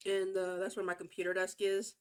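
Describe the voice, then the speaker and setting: A woman's voice: medium pitch, completely flat delivery, a little fast, clean tone. Chatty woman streaming a game. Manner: rambling, chatty. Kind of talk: casual chat while streaming a game.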